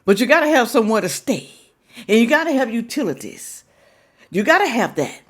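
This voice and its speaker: A woman's voice: a little high, sing-song, fairly quick. A woman hosting a reaction video who lectures and scolds, repeating her points for emphasis. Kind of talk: reaction commentary.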